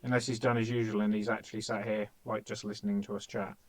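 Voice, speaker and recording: A man's voice: on the low side, level tone, quick pace. An upbeat man in his thirties with an Essex accent, chatting casually before an online game session and telling stories. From England. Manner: upbeat, storytelling, does voices. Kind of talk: casual pre-game chat.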